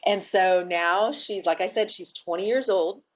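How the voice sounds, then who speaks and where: A woman's voice: medium pitch, measured pace, dull audio. A woman guest on a podcast, telling a heartfelt story in casual conversation and acting out what people said. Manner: emotional, animated storyteller who acts out quoted talk. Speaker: podcast guest, nonprofit founder.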